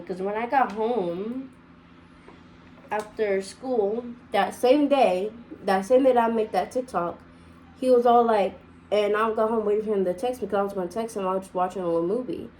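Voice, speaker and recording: A woman's voice: medium pitch, moderate pace, dark tone, a little hiss or hum, rough recording. A young woman telling a personal story casually, rambling with many repeats and restarts. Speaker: vlogger.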